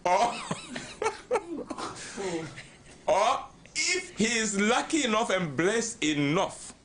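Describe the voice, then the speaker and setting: An older man with a Ghanaian English accent, a radio guest giving relaxed counselling talk, who tells stories animatedly, acts out the voices he quotes and chuckles often. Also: high-pitched, takes it slowly, a little hiss or hum.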